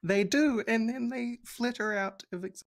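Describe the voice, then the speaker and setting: A player in a tabletop game, narrating a character's actions in an animated way. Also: mid-range voice, measured pace. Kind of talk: casual tabletop play, narrating own character.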